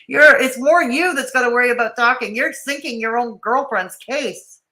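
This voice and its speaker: A woman's voice: on the high side, a little slow, bright, forceful tone, reverberant, poor audio. A woman hosting a livestream, chatting sarcastically with her co-host and viewers. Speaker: streamer host. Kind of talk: casual livestream chat.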